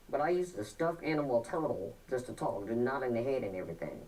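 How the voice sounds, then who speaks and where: A male guest answering interview questions in a halting, stuttering, plainspoken way. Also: mid-range voice, big pitch swings, darkish tone, far from the mic, poor audio.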